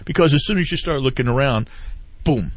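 With a mid-range voice, lively intonation and a slightly fast pace, this man comes through on a dry recording. He's a veteran guest on a casual talk-radio program, promoting a fishing group through long, rambling stories in which he recounts others' words and keeps circling back.

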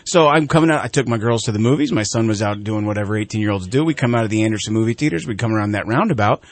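A man's voice: fairly low pitch, racing. A middle-aged man hosting a talk show, telling a casual story and acting out the voices of the people in it. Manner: animated storyteller, acts out quoted voices.

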